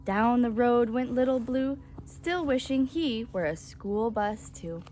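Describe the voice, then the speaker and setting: A woman reading a children's picture book aloud in a gentle, rhythmic way. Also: a little high, slow, faint music behind.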